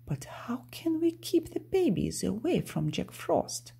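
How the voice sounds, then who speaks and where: A woman's voice: fairly high pitch, big pitch swings, unhurried, creaky, mellow, breathy edge, in a whisper, voice pushed up, full character voice. A woman reading aloud, voicing a gang of greedy, defiant little male goblins from a storybook who talk in a whiny, boastful way.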